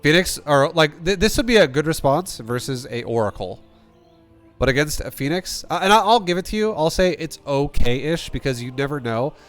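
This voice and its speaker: This man's voice sits on the high side with lively intonation at a normal speed, and faint music plays behind him. As a StarCraft coach going over a replay with a player, he's blunt and rambling, swearing often and starting sentences over in casual, profane coaching.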